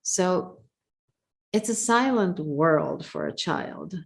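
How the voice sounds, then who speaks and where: Female host, video call; slow, thoughtful delivery in a lowish voice, affirming murmurs. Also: lively intonation, vocal fry. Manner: reflective, attentive, frequent murmurs of agreement. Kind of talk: casual conversation.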